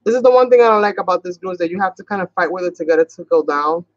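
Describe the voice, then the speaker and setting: A woman's voice: lowish voice, expressive, no room sound, highs cut off. A woman from New York with a Boston-sounding accent, chatting casually and rambling as she hosts a craft tutorial livestream. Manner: chatty, rambling, talks fast at times. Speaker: craft channel host.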